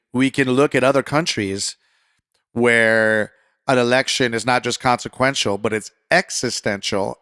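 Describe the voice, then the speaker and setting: A man hosting a political commentary podcast, talking conversationally and getting fired up, then settling into calm reassurance. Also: mid-range voice, dry recording, clean studio sound. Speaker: podcast host.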